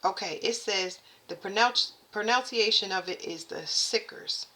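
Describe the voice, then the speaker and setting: A woman doing a casual spiritual reading, chatting to her viewers and haltingly reading text aloud. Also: medium pitch, pushed and bright. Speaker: spiritual reader addressing viewers.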